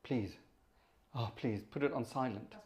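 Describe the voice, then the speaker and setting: A man's voice: mid-range voice, measured pace, muffled recording. A man hosting a casual organ livestream from his upstairs room at home, chatting and joking with viewers. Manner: chatty, jokey, animated, thanks viewers by name. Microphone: room microphone.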